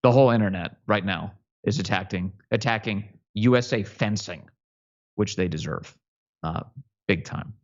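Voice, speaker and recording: A man's voice: on the low side, moderate pace, highs cut off. Sarcastic male political show host. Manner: sarcastic, mocking, emphatic.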